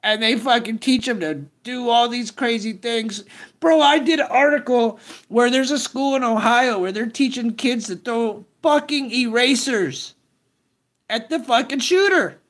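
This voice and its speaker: A man's voice: very high-pitched, measured pace, fairly bright tone. A middle-aged man hosting a live news stream, ranting in profane slang and greeting chat viewers.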